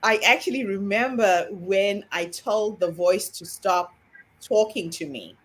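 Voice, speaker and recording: A woman's voice: mid-range voice, a little slow. A woman candidly sharing a childhood story on a video call. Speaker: summit participant.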